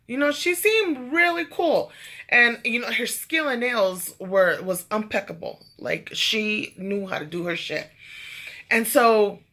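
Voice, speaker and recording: A woman's voice: a little high, a little slow, sharp tone. A woman vlogger telling a casual story, chatty and profane, full of fillers and asides.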